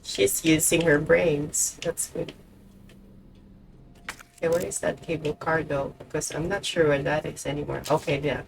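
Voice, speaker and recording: A woman streamer chats casually while playing a game, swearing often and talking to the characters on screen. Her voice is low with vocal fry and fairly even intonation, she speaks a little slowly, and the audio is poor.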